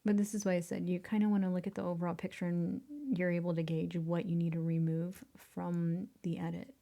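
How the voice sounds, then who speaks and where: A woman teaching photo editing in a casual tutorial. Her voice is mellow with a gravelly edge, and she often sinks into a whispered mutter as she concentrates. She talks in a self-deprecating way and chuckles at her own mistakes. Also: fairly low pitch, level tone, fairly quick. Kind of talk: casual screen-recorded tutorial.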